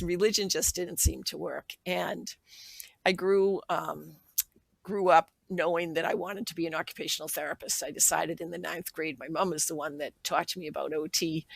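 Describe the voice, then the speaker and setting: A woman's voice: lowish voice, vocal fry, fairly bright tone, no room sound, poor audio. A woman in her sixties, a podcast guest, earnestly telling a personal story and acting out remembered dialogue.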